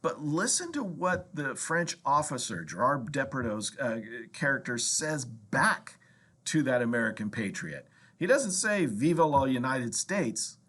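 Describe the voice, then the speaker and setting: A male history professor giving a college lecture, animated and often asking "right?" and repeating words. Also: mid-range voice, unhurried, slightly rough.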